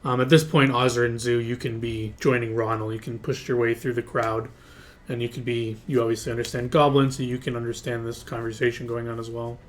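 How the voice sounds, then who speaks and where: A man's voice: medium pitch, level tone, a little fast, slight background noise. A man running a tabletop game as game master, narrating casually with lots of fillers. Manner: casual, loose, full of fillers and hedges.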